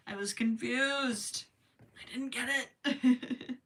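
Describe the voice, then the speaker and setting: Speaking extremely slowly with frequent pauses in a voice on the high side, a young woman with a Minnesotan accent hosts a late-night crochet livestream. She's giggly and chatty, reads viewer comments out loud, and is tired and worried about her voice.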